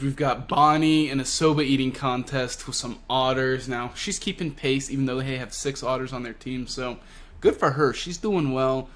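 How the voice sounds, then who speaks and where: A man giving casual, excitable commentary on a comic chapter. He laughs often and fills his talk with "like.". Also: medium pitch, normal speed, soft background music. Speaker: manga reviewer.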